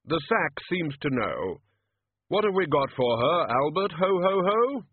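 Male reader doing Death, slow solemn gift-giver, thin tinny sound. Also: a little high, very animated, husky, pitched above the performer's own voice, heavily acted. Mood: pleased, solemn. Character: Death, grave male figure playing a jolly gift-giver. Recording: tinny phone-like audio.

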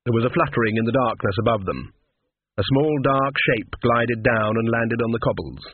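Husky man narrating a story. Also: medium pitch, moderate pace, no room sound. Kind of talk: audiobook narration. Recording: tinny phone-like dry sound.

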